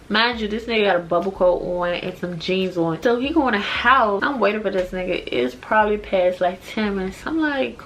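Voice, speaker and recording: A woman in her twenties from the Washington DC area, telling a story to camera in a casual, animated, profane way. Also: medium pitch, normal speed, hardly any pauses, a little hiss or hum. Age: 20s. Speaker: vlogger. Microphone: compact camera mic.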